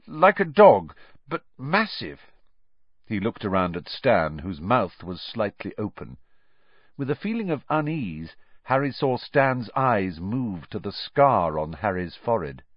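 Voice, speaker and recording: Lively male audiobook narrator. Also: lowish voice, a little slow, no echo. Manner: lively, expressive storytelling. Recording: dry, slightly muffled.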